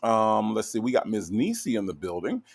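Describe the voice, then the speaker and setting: A man's voice: fairly low pitch, moderate pace, creaky. Playful man hosting a livestream chat. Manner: animated, playful, with lots of "okay?" tags and fillers. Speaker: livestream host. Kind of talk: casual livestream chat reading comments.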